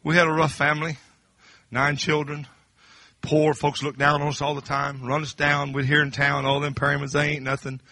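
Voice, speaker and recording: A middle-aged man preaching a sermon, dropping to low confiding talk and then rising to high shouted crescendos. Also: monotone, moderate pace, no echo, clean studio sound.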